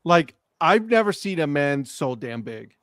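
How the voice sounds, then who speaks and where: Animated man telling a story. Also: a little high, measured pace, no echo, clean studio sound. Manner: animated storyteller, acts out dialogue. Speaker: co-host. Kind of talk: casual sports chat. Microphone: live stream remote mic.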